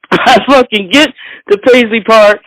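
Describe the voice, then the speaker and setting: A woman from Philadelphia, a bass player and interview guest, telling a lively anecdote. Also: no echo, low-quality recording. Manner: lively anecdote with voiced quotes. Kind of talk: animated storytelling.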